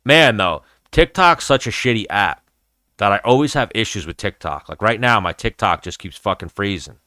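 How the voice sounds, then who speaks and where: A man's voice: lowish voice, bright, forceful tone, dry recording, studio quality. Profane, rambling man on a livestream. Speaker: host of an MMA livestream. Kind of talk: casual livestream chat.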